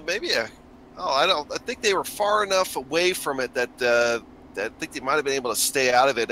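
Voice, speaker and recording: A man with a bright, forceful, fairly high voice calls a sim race with his co-host. He talks in a relaxed way with lots of fillers and gets excited on the restarts. A faint hum sits behind him. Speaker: race commentator. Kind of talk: sim racing play-by-play commentary.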